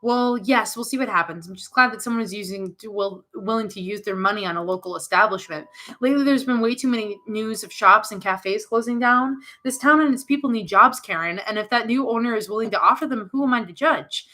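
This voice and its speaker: Woman voicing a matter-of-fact mother in a game, brisk and bright. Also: fairly high pitch.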